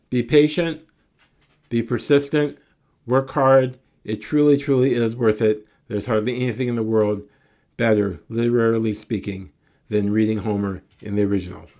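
A man giving a recorded Greek lesson, reciting word forms slowly and deliberately and encouraging his students. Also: lowish voice, darkish tone. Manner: encouraging sign-off. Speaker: Greek teacher.

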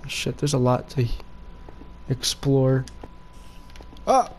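A man giving casual gameplay commentary with excitable, cursing outbursts. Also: medium pitch, slow, slight background noise. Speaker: gaming video creator.

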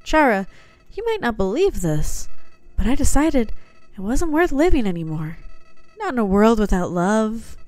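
A woman's voice: on the high side, big pitch swings, unhurried, a little mellow, no echo, faint music behind, voice pushed up. A woman reading game dialogue aloud, putting on a voice for a sinister, soulless talking flower that is cold and manipulative. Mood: coldly confiding. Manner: reads game dialogue aloud in a put-on voice, slightly theatrical.

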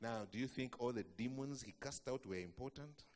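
A male pastor preaching a sermon, telling stories dramatically, with loud declarations that fall to hushed low lines. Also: brisk. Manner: acts out the voices in the stories he tells.

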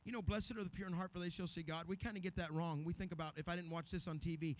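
A man's voice: sits high, fairly even intonation, fast. A man preaching a revival sermon in a church, telling stories dramatically and acting out the voices. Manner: dramatic, acts out voices, builds to shouting. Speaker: guest preacher.

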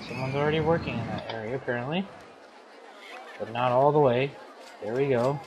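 A man's voice: medium pitch, brisk, lo-fi sound. A man with a scratchy throat giving playful, silly commentary while playing a game. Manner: playful, silly self-narration. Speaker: let's play host.

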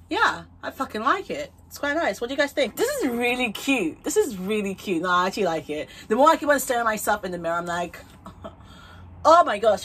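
A woman's voice: mid-range voice, a bit bright, slight background noise. A young woman vlogger chatting casually while trying on wigs at home, bubbly and rambling, laughing often and swearing freely.

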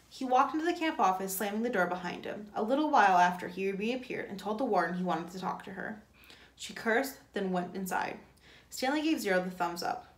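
A woman's voice: mid-range voice, a little fast. Woman teacher reading a novel aloud. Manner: plain, steady reading. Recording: echoey room.

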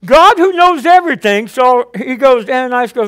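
Telling his story to the congregation, a pastor with a light, high voice preaches energetically, acting out how he once talked with God. Quick questions to the room come again and again throughout the sermon.

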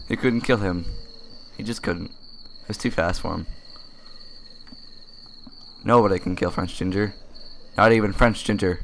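A man's voice: fairly low pitch, unhurried, gravelly, pauses often, sharp tone. A young man giving casual, joking commentary while playing a survival game at his computer, swearing freely and bursting into laughter. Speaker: gaming commentator. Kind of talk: casual let's-play commentary.

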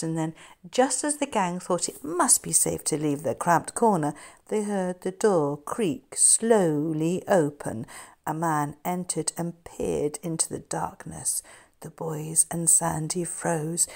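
A middle-aged woman, an author, narrating her novel in a measured, steady storytelling manner. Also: lowish voice, vocal fry. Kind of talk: scripted narration.

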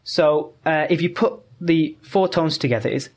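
A man's voice: fairly high pitch, normal speed. A man, a podcast guest, explaining patiently in a casual conversation, often restarting his sentences.

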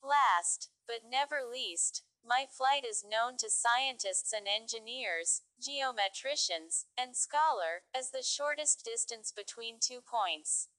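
A woman's voice: a little high, takes it slowly, few pauses, pushed and bright. A woman voicing a proud, self-important male crow in a storybook fable. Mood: boastful. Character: boastful arrogant male crow.

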